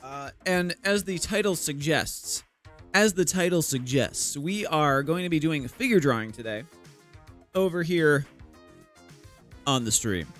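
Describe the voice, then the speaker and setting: A man's voice: a little high, expressive, unhurried, long pauses, a bit bright, faint music behind. A young man streaming his art live, chatting casually with viewers into a desk microphone, greeting them and cracking self-deprecating jokes.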